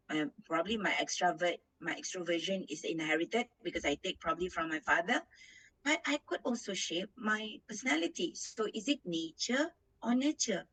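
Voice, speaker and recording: A woman's voice: lowish voice, a bit bright, slight background noise, rough recording. A woman with a Malaysian English accent giving a guest lecture, switching between English and Malay and repeating words as she searches for them.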